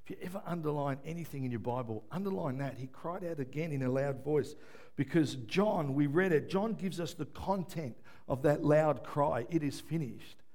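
A preacher with a high-pitched voice delivers a sermon. He drops to a near-murmur, then climbs to full shouts, and often stops to ask the congregation "yeah?". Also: moderate pace. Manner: swings from hushed to shouting, asks "yeah?". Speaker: pastor.

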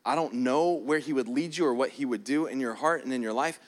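A man preaching a sermon, shifting between quiet prayerful passages and loud emphatic stretches. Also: medium pitch, brisk. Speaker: pastor.

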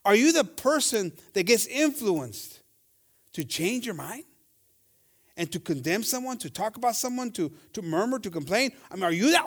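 A high-voiced man preaches to his congregation, moving between English and Spanish. He reads scripture at a slow, measured pace, then rises into loud, impassioned shouting and acts out the voices of gossipers. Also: sing-song. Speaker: pastor. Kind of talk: bilingual sermon.

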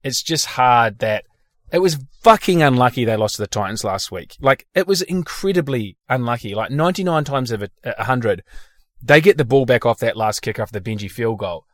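A man's voice: medium pitch, animated, fairly quick, fairly bright tone, no room sound. An Australian man hosting a casual sports podcast, blunt and sweary with strong opinions. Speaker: podcast host.

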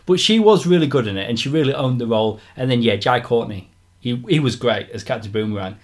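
Male co-host, relaxed and opinionated, talks movies with a laugh. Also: medium pitch, fast talker. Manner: chatty, opinionated, laughs easily. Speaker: podcast co-host. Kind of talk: casual film news chat.

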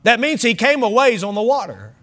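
A man's voice: very high voice, animated, a little fast, a bit bright. A man preaching a sermon as pastor, reading scripture with emphasis, chuckling and turning to the congregation with asides. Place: church sanctuary.

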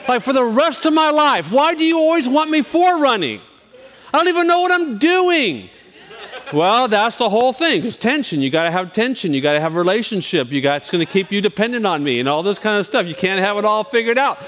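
Chatty pastor in a reverberant hall. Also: male voice, sits high, lively intonation, a little fast, fairly bright tone. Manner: candid, self-deprecating, chatty with frequent restarts. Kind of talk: informal sermon.

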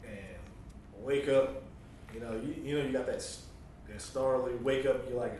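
A man casually telling a wild story, laughing often and acting out the voices of the people in it with big jumps in pitch. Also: unhurried, a little mellow. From New Mexico. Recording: echoey room from a distance, light ambient noise.

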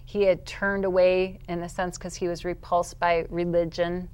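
A woman being interviewed, telling a personal faith testimony as a vivid storyteller. She drops to quiet, low narration and rises to loud, high-pitched bursts. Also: flat delivery, normal speed, smooth. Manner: vivid storyteller who acts out her own past outbursts. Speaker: interview guest.

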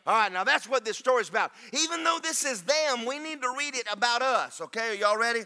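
High, bright preacher man. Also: expressive, fairly quick, few pauses. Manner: folksy and joking, rising to emphatic preaching. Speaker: pastor. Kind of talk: sermon.

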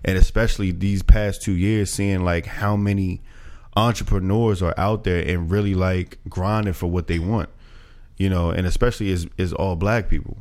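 Laid-back low-voiced man, casual chat. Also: steady tone, normal speed, a little mellow. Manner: laid-back, rambling with many restarts and slang. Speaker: podcast co-host and event organizer.

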